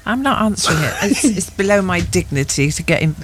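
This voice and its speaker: A woman's voice: lowish voice, animated, brisk, a little hiss or hum. A middle-aged woman co-presenting a radio show, bantering in a giggly, mock-indignant way. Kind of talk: casual radio chat.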